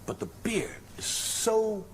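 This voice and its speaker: An older stand-up comedian tells rambling, wry anecdotes on a noisy stage recording, putting on voices for the people he quotes. His high-pitched voice is slow, with lively intonation.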